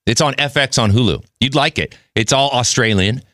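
A man's voice: mid-range voice, moderate pace, a bit bright, no room sound. A man hosting a casual podcast interview, rambling and restarting his questions into a close studio mic. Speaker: podcast host.

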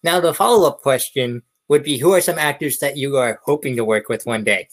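A man's voice: mid-range voice, fairly quick. A man interviewing a guest, asking questions and encouraging him with short murmurs of agreement. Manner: encouraging, lots of backchannel. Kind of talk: casual interview.

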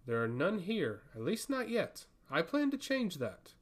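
Male reader doing a menacing fantasy priestess: calm, cold, commanding. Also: high voice, heavily acted. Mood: stern. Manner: cold, measured, sternly threatening. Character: haughty woman, a forest priestess, calm and menacing. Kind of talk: audiobook fantasy reading.

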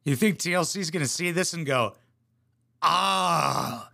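A man's voice: fairly high pitch, a little fast, fairly bright tone. A young man giving a crude, sarcastic comedic reaction commentary on a reality show clip, swearing a lot.

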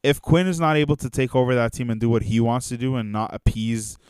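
A man's voice: mid-range voice, quick pace, darkish tone, smooth, no room sound. A young man co-hosting a sports podcast, talking casually and animatedly with fillers and laughs. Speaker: podcast co-host.

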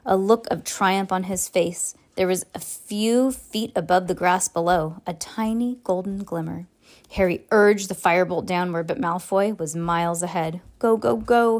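A woman podcast host reading a book aloud, expressive, with small restarts and asides. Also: medium pitch. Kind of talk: casual read-aloud storytelling.

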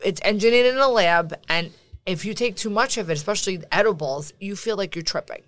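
A woman's voice: medium pitch, a little fast, fairly bright tone, no echo. A middle-aged woman from Brooklyn with a Brooklyn accent, hosting a casual podcast chat and telling stories with emphatic repeats. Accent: Brooklyn New York. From Brooklyn, New York. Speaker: podcast host.

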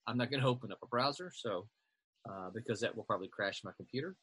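A man hosting a casual online group chat, talking in a relaxed, rambling way with many fillers, over a computer mic on a video call. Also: medium pitch, fast, husky, dry recording. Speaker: show host.

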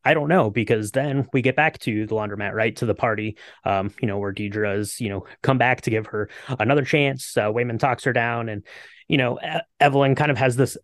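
A man's voice: mid-range voice, fairly quick, dry recording, clean studio sound. A man co-hosting a podcast, talking casually about a movie with a lot of hesitant fillers. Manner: rambling, lots of hesitant fillers. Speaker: podcast co-host.

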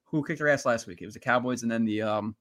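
A man's voice: medium pitch, fairly bright tone. A man co-hosting a sports podcast in casual chat, rambling and blunt, with the odd curse. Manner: rambling, quick, blunt and profane. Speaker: podcast co-host. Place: livestreamed podcast reading chat.

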